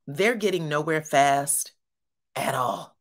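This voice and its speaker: A woman's voice: sits low, slow pace. Chatty woman recapping a reality show. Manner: chatty, colloquial, addresses viewers as y'all. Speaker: reality TV commentator. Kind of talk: casual recap commentary.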